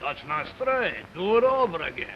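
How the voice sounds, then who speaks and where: A surly, bigoted laborer who grumbles in coarse slang, his high voice swinging widely. The old broadcast sound is dull, with faint hiss behind it. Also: very animated, moderate pace. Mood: sneering. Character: surly bigoted young construction worker. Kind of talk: 1950s live television drama.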